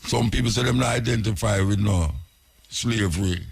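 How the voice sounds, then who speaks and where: Jamaican male radio host, low and raspy, urging and questioning. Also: normal speed. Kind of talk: radio talk monologue.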